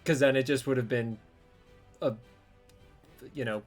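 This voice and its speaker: A man with a mid-range voice chats at a tabletop game. His remarks are wry and teasing. Quiet music plays in the background. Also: mid-range voice, steady tone, measured pace. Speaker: player. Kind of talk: tabletop game play chat.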